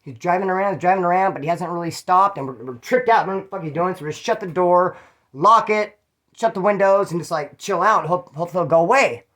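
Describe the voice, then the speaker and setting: A man's voice: high voice, fairly quick, fairly bright tone. Profane, slangy man telling a story. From California. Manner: profane, slangy, rambling with restarts; mimics others in quoted voices. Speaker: YouTuber telling prison stories. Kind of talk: casual storytelling.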